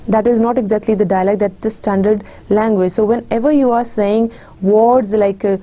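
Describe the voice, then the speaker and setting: A woman's voice: mid-range voice, steady tone, normal speed, warm tone. A woman giving a recorded English literature lecture, addressing her dear students often, with many fillers and restarts.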